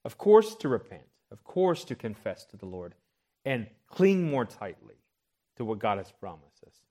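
A man's voice: mid-range voice, big pitch swings, moderate pace, warm tone. A man preaching a sermon, reading scripture aloud and often checking in with the congregation. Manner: expository preaching, checks in with "right?"; reads scripture aloud with rising emphasis. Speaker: pastor.

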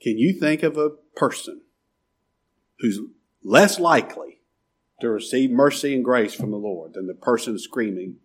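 A man preaching a sermon as pastor, asking rhetorical questions and dropping suddenly to a quiet murmur. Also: mid-range voice, lively intonation, measured pace, breathy edge.

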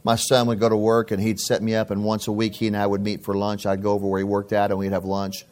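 A middle-aged male pastor delivers his sermon in a somewhat low voice. He talks like he's chatting with friends, spinning stories and doubling back on his words. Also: monotone, fast, a little mellow. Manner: conversational storytelling, repeats phrases.

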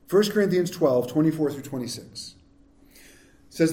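Candid pastor preaching in an echoey church. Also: male voice, a little high, lively intonation, moderate pace, dark tone. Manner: candid, self-deprecating, conversational. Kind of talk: sermon.

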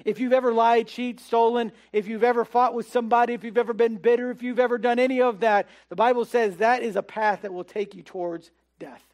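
High-voiced man preaching conversationally. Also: fairly even intonation, a little fast, hardly any pauses. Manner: conversational preaching, trailing off softly on key words. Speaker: pastor. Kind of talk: sermon.

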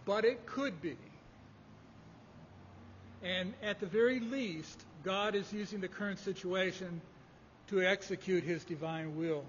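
A man preaching a sermon, measured and emphatic in delivery. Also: high voice, a bit bright, slight background noise. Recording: dull lo-fi audio in a reverberant hall.

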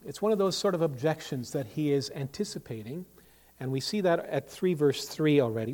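Pastor, male, higher-pitched voice, preaching emphatically to the congregation, reverberant church sound. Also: lively intonation, a little fast, a little mellow. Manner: emphatic, rises and falls sharply in volume, asks rhetorical questions. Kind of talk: sermon. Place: church sanctuary. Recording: long reverb of a church hall.

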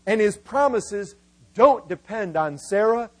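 Male preacher, high voice, emphatic sermon delivery that slows for stress. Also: animated, poor audio. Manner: emphatic, voices biblical figures in quotes, slows for key words.

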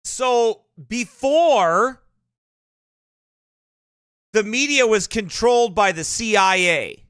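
A man with a rural American accent hosts a reaction video, exclaiming, repeating himself and preaching excitedly. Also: sits high, moderate pace, smooth, no room sound, clean studio sound. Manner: repeats phrases, exclaims, wonders aloud. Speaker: host reacting to a documentary.

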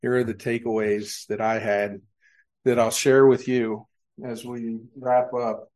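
In a church sanctuary, a male pastor preaches a sermon at an ordinary mid pitch, with little pitch movement and a darkish tone. He relies on rhetorical questions, pausing to let the room consider each one before he answers it.

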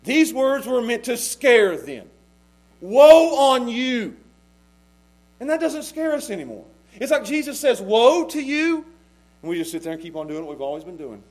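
A man preaching a sermon as pastor, passionate, swinging between loud pleading and hushed intensity. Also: high-pitched, sing-song, a little fast, hardly any pauses, rough recording.

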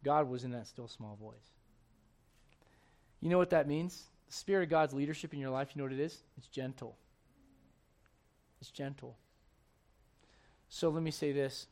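A male pastor preaching a sermon, swinging between shouted intensity and hushed, gentle tones. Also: a little high, a little fast.

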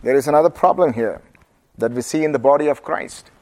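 A man's voice: medium pitch, fairly quick. A man with an Indian accent teaching the Bible to a group and asking them questions. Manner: asks the audience questions, lively and engaging. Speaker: preacher.

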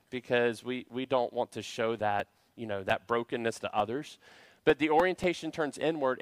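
A man's voice: a little high, dry recording. A man preaching a sermon to a church congregation, earnest and full of rhetorical questions. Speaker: pastor. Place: church service.

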